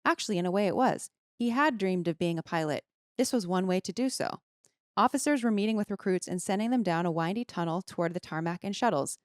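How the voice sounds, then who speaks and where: A woman's voice: mid-range voice, quick pace, no echo, clean studio sound. A woman on a podcast reading a book passage aloud and voicing its dialogue. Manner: reads prose aloud with voiced dialogue. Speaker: guest commentator.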